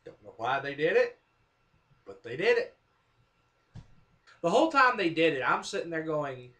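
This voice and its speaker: A man with a fairly high voice tells a funny story from his own life straight to camera. His pitch jumps around a lot as he acts out what other people said and pokes fun at himself. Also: normal speed, pauses often. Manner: animated, self-mocking, acts out quotes. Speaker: vlogger. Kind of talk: casual storytelling monologue.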